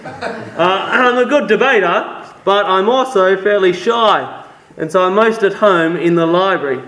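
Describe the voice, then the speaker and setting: An Australian man plays a shy, scholarly reformer from the 1500s who prefers a quiet library, talking earnestly in a high voice. The sound carries a roomy echo. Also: measured pace. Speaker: costumed historical guest. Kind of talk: in-character interview.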